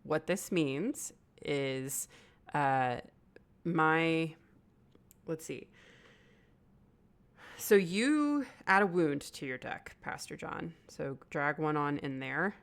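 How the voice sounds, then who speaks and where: Low gravelly woman running a game. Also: extremely slow, pauses often. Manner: relaxed, chatty, thinks aloud with fillers. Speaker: game master.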